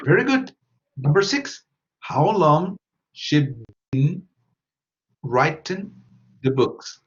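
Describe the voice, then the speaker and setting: Slow, patient male teacher. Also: on the high side, sing-song, dull audio. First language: Spanish. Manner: patient, repeats questions and prompts students. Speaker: English teacher. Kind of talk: classroom English lesson.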